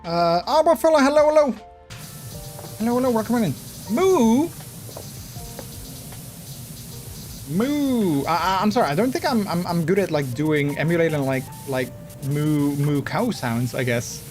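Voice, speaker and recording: A man's voice: a little high, lively intonation, normal speed, a little mellow, faint music behind. A man with the hiccups chatting casually on a live stream, rambling through his stories with many restarts. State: has the hiccups.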